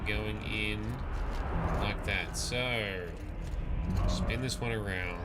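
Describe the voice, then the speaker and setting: A man's voice: on the low side, drawn-out words, pauses often, heavy background noise. A man giving casual, joking live commentary on a game stream and reading chat messages aloud. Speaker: livestreamer. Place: at a gaming PC. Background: game music.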